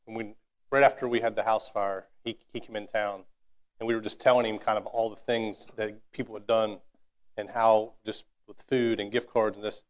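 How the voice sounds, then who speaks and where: A man's voice: on the low side, little pitch movement, moderate pace. A man sharing a personal story and then leading a spoken prayer, talking earnestly and often repeating words as he restarts. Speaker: co-host who prays. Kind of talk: casual testimony and spoken prayer.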